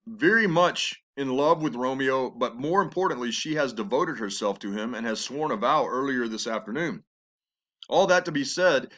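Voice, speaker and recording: A man teaching a class on a play, explaining the scenes patiently and reading the verse aloud slowly and with feeling. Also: medium pitch, fairly bright tone. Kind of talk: lecture with read-aloud passages.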